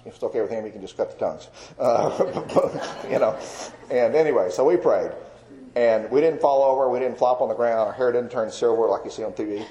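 A man's voice: on the low side, dark tone, poor audio. An older man, an evangelist telling his testimony in a folksy, chuckling sermon style. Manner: folksy storytelling with fillers and chuckles.

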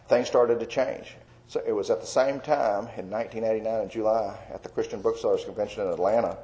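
Mellow low-voiced man telling his testimony. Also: rough recording. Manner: rambling, earnest, with fillers and soft laughs. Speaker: Christian artist giving a testimony. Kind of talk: personal testimony storytelling.

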